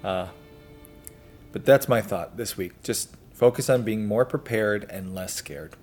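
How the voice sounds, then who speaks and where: A man hosting a homesteading video channel, talking casually and chattily to his viewers with a relaxed, self-deprecating manner. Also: lowish voice, a little slow, faint music behind. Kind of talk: casual talk to camera.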